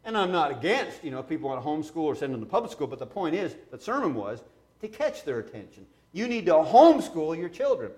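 A middle-aged man preaching a sermon, reading scripture aloud and then talking it through in a lively, conversational way. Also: fairly high pitch, quick pace.

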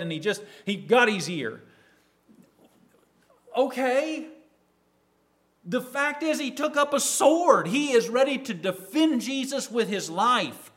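A man preaching a sermon, acting out a disciple's words and swinging from loud to near silence. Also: high-pitched, measured pace. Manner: acts out a disciple's words in quoted asides; rises in loudness and falls to near silence.

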